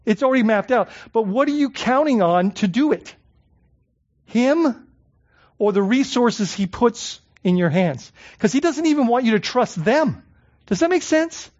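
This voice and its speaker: A man's voice: very high-pitched, animated, a little slow, a little mellow. Man preaching with rhetorical questions. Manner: repeats words while searching for phrasing. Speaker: pastor. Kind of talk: sermon. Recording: dull lo-fi recording.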